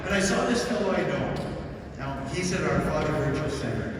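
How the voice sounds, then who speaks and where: A man, a priest, giving a homily at a mass and telling a story in an animated way. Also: a little high, a little fast, noisy background. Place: large old mission church. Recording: echoey church, distant mic.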